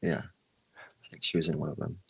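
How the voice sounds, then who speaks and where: A man's voice: rumbling low, level tone, a little fast, vocal fry, husky, poor audio. A man chatting casually as a guest, easygoing and hesitant with fillers. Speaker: guest on lunch break. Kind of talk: casual chat.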